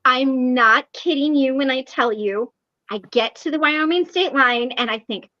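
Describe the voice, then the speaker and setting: A high-pitched woman hosts a live recovery meeting and tells a story in a casual, animated way, often laughing. Her voice is dry and close, with dull lo-fi sound. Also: a little slow, no echo.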